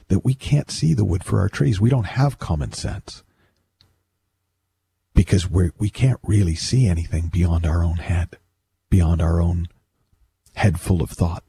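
A man's voice: low-pitched, vocal fry, dark tone, slightly rough. A man giving a reflective, conversational monologue, talking his way through ideas with restarts and acted-out bits of self-talk. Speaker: speaker on mindset.

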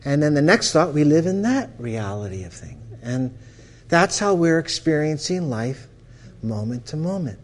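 A man with a fairly high voice gives a storytelling talk as a counselor. He talks in a lively way, breaking off and restarting his phrases. He laughs now and then as he goes. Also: moderate pace. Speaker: counselor teaching the principles.

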